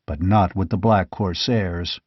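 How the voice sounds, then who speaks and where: A man voicing a bold barbarian warrior king who speaks bluntly and gruffly, with grim amusement, in an audiobook reading. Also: medium pitch, lively intonation, unhurried, no echo. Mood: blunt, mocking. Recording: dull, dry lo-fi audiobook recording.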